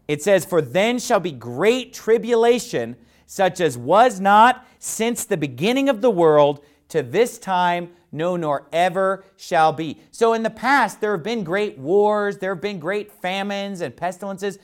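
Lively Bible preacher with swinging pitch. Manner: reads King James verses slowly and emphatically; explains verses plainly, with rhetorical questions. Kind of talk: Bible sermon.

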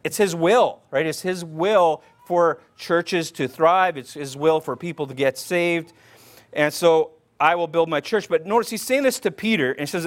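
A man preaching in a loose, conversational way, his voice sitting a little higher than most men's. He quotes old-style scripture aloud, then slips back into plain talk, restarting words and tossing in "right?" after nearly every point. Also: fairly bright tone. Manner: informal, repeats "right?" often, restarts words. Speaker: pastor. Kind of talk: conversational sermon.

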